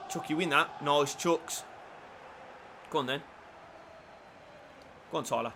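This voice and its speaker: A man commentating on his own football video game play, shifting between low muttering and shouted excitement. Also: measured pace, pauses often, heavy background noise. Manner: lively, swings from low mutters to shouted celebrations. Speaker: gaming YouTuber.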